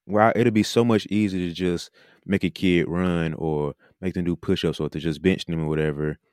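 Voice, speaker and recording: Deep-voiced man, dry close sound. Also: no echo. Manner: animated, mimics coaches mid-sentence. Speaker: podcast host and basketball coach. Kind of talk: casual monologue.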